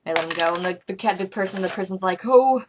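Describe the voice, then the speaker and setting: A young adult woman vlogging casually, rambling with many fillers and restarts, her voice trailing off quietly at the ends of thoughts. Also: on the low side, flat delivery, rapid-fire, very noisy.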